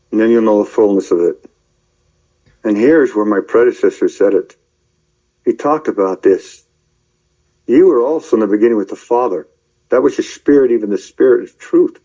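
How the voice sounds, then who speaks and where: A man preaching in a rambling commentary, shouting angry tirades at his listeners and then muttering to himself as he browses his screen. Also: fairly low pitch, low-quality recording. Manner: addresses listeners directly, calling out believers. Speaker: online preacher.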